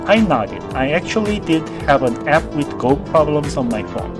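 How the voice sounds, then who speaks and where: Guy streamer reading a visual novel out loud, goofy asides, music playing under. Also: fairly high pitch, animated, moderate pace. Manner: playful, joking asides. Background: background music.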